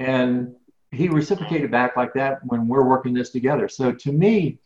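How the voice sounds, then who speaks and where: Answering interview questions casually, a middle-aged man who's a guest business speaker rambles earnestly at a moderate pace and medium pitch. He repeats himself and grows animated when something irritates him, and the lo-fi sound is dull and roomy, as if recorded in an open space.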